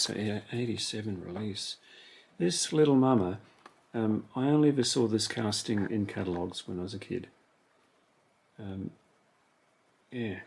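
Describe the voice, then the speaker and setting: Unboxing toy cars, a collector chats casually to himself and ponders each one. He has a fairly low voice with vocal fry, and slight background noise is present.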